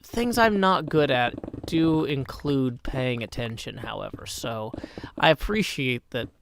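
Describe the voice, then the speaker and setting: Gravelly-voiced guy streaming a game, chatty and wry, talks to chat and mumbles to himself, bit of hiss. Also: medium pitch, animated, slow, fairly bright tone. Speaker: livestream host. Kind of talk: casual live-stream chat while gaming.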